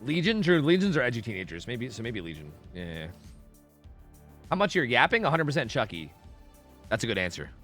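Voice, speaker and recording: A male streamer talks in a bright, forceful voice that swings up and down a lot, rambling and swearing as he answers chat mid-game. Faint game music plays underneath. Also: mid-range voice, big pitch swings, fairly quick, long pauses. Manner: rambling, profane, chatty, answering chat questions. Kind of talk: casual live-stream chat with viewers while gaming.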